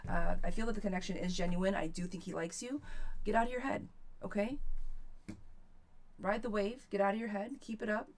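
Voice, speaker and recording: A woman's voice: mid-range voice, fairly even intonation, a little fast, long pauses. A woman hosting a live tarot reading stream, chatting casually and encouraging her viewers, recorded on a webcam mic at home. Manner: chatty and encouraging, addresses viewers as girl and sweetheart.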